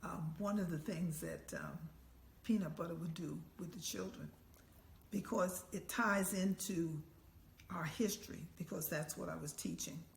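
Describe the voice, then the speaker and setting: An older woman telling a story as an elder, lively and acting out the voices and chants of the people in it. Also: lowish voice, unhurried, vocal fry. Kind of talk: oral storytelling. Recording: echoey room with faint ambience.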